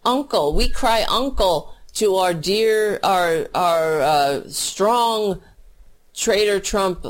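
A woman's voice: medium pitch, lively intonation, drawn-out words. A woman mockingly voicing defeated Canadians groveling in surrender.

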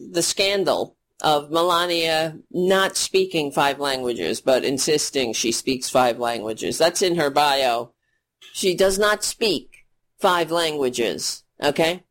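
Slow-talking sarcastic woman ranting. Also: sits low. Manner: sarcastic, profane, mocking. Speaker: political commentary host. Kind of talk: ranting political commentary.

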